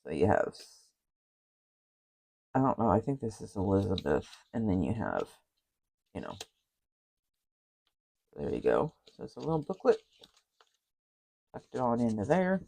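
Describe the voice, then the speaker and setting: A woman's voice: extremely low pitch, huge pitch swings, measured pace, gravelly, long pauses, mellow, husky, poor audio. A woman crafter chatting casually as she shows a handmade journal, rambling with asides and apologies. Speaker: craft vlogger. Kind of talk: casual journal flip-through chat.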